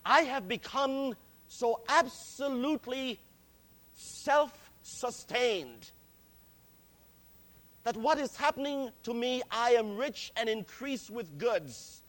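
A man preaching a sermon, slow and deliberate, stressing key words and calling his listeners friends. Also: extremely high pitch, a bit bright.

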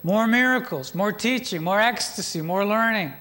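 A man's voice: sits high, normal speed, sharp tone. A middle-aged man preaching a sermon as pastor, retelling a story with joking asides to the congregation.

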